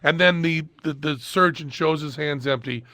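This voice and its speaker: A middle-aged man hosting a podcast, telling a story in casual chat and loudly acting out the people in it. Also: fairly high pitch, moderate pace, no echo. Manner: animated, shouts and acts out quoted people. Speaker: podcast host.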